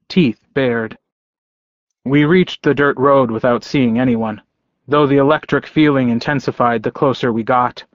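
A man narrating a first-person novel in a measured, steady way. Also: mid-range voice, dry recording. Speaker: audiobook narrator. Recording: dry, dull close-mic recording.

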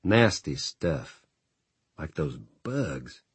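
Deep-voiced man voicing a fatalistic frontier drifter, folksy drawl, husky low tone, dry close sound, storybook reading. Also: big pitch swings, drawn-out words, dry recording, full character voice. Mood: grim. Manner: rural drawl, folksy grammar. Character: weary frontier rider, man, grim and fatalistic.

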